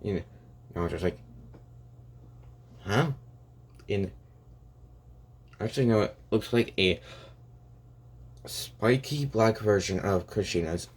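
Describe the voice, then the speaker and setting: Low-voiced young man rambling a story. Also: takes it slowly, pauses often, a little hiss or hum. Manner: rambling, many restarts and "and it's like". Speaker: fan fiction storyteller. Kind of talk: improvised spoken fan story.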